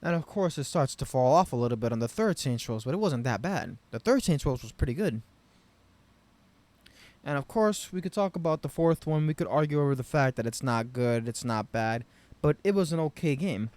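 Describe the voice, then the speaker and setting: A man giving an unscripted game review rant, rambling and profane, with frustrated loud bursts. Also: mid-range voice, expressive, fairly quick, no echo. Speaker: game commentary vlogger.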